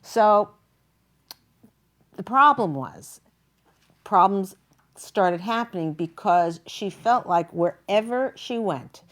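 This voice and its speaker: Female talk host, lower register; warm-hearted storyteller, filler-heavy and emotional. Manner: chatty, emotional retelling with many fillers. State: near tears.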